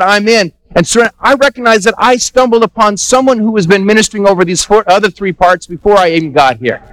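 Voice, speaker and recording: A man pastor preaching a Sunday sermon, animated, acting out little dialogues and repeating himself for emphasis. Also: high-pitched, no room sound, rough recording. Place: church sanctuary.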